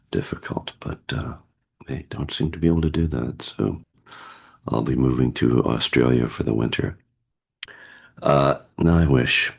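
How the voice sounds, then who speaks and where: A man with a cold leading a guided meditation over a video call, speaking gently with pauses and fillers. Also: extremely low pitch, creaky, husky. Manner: slow, gentle, pausing guidance with fillers. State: has a cold, husky voice. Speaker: meditation teacher.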